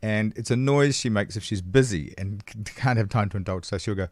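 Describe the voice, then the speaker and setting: Man, new zealand accent, low voice, dry close sound, casual storytelling podcast guest. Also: brisk, no room sound. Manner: anecdotal, acts out quotes with shifting voices. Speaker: comedian guest.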